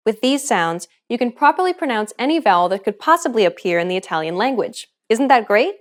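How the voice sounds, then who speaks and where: A woman hosting a language lesson, explaining pronunciation in clear, encouraging scripted narration. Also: on the high side, very animated, fairly quick.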